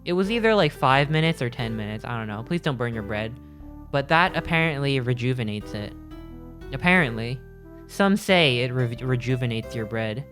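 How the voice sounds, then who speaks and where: A man's voice: mid-range voice, animated, moderate pace, a bit bright. Male streamer, loose and jokey, talks in fits and starts; faint guitar music in the background. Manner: rambling, jokey, self-interrupting. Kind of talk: casual chat with live chat.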